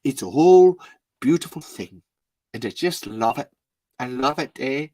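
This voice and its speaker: A man's voice: mid-range voice, animated, moderate pace, dark tone, dry recording, lightly acted. A man doing a gushing, exaggerated Irish-accented impression of a friend, ending lines with "eh?". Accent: put-on Irish.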